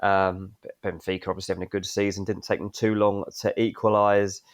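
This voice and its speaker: A man co-hosting a sports podcast, excitably walking through a blunder, his voice jumping up as he describes it. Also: lowish voice, fairly quick. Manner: excitable, voice jumps up while describing. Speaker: podcast co-host. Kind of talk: animated clip breakdown.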